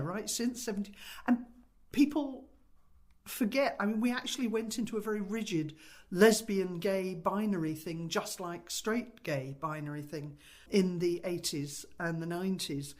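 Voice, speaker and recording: A woman with a mid-range voice chats casually and with animation. Faint music sits quietly behind her. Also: medium pitch, moderate pace. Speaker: activist guest. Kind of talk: casual chat.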